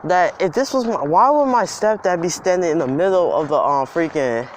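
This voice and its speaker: A man's voice: on the high side, animated, normal speed, slight background noise. A young man telling a personal story outdoors in a casual, rambling, emphatic way. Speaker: vlogger. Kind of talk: storytime vlog. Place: outdoors in the cold.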